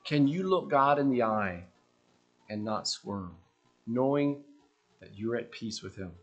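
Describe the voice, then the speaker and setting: A man preaching a sermon, earnest and questioning, letting his voice drop softly at the ends of phrases. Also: mid-range voice, expressive, measured pace, lo-fi sound.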